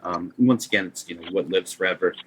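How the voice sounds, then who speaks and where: Very low-voiced man, enthusiastic music talk. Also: quick pace, a bit bright, slight background noise, rough recording. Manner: enthusiastic, rambling, lots of fillers. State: vocal nodules. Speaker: podcast host. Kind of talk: casual music chat.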